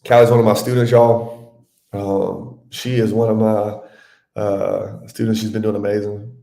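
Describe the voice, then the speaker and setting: Gravelly and mellow, his fairly low voice barely moves in pitch and stays unhurried. Streaming from a home room with roomy audio, this adjusting mentor runs a live webinar in a chatty teaching style, greeting viewers by name and addressing them as "y'all."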